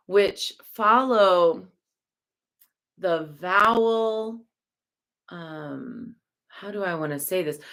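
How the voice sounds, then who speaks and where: A woman teaching in a slow, unhurried way, her voice sitting a little low. She searches for her words with fillers and soft laughs, and sometimes chants syllables as examples. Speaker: Buddhist teacher. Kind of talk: relaxed spoken teaching.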